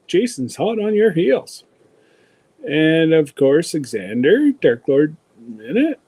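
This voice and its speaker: A man's voice: a little high, very animated, slow pace, darkish tone. A man hosting a casual livestream, chatty and folksy, greeting viewers one by one. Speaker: livestream host.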